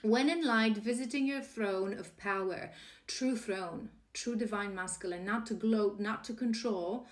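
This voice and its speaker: A woman's voice: medium pitch, measured pace, echoey room. A woman reading tarot-style cards as spiritual guidance, earnest and encouraging, often restarting her sentences. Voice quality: emotional, laughing warmly at times. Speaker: tarot card reader.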